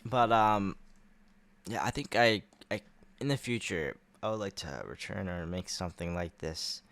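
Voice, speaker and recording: A man's voice: low-pitched, measured pace, fairly bright tone. A man co-hosting a podcast in casual chat, playful, at times reading dramatic promo lines aloud. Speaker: podcast co-host.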